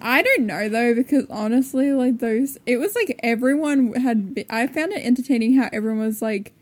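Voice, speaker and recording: A woman's voice: on the high side, expressive, moderate pace, dry recording. A young woman casually chatting about a book series as a podcast co-host, laughing often and acting out quotes.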